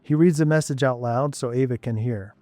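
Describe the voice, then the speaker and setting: A man reading scripted narration for an audio story in an even, measured way. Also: mid-range voice, no echo, faint music behind.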